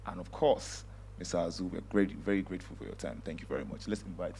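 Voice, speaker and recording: A man moderating a panel who thanks the guests in a slow, halting way. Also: low-pitched, very noisy.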